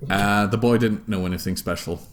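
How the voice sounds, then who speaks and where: A man's voice: fairly low pitch, fairly quick, a little hiss or hum. A young man, hosting a casual chat and telling a tabletop game story with lots of laughing and swearing. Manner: animated, laughing, swearing freely. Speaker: host.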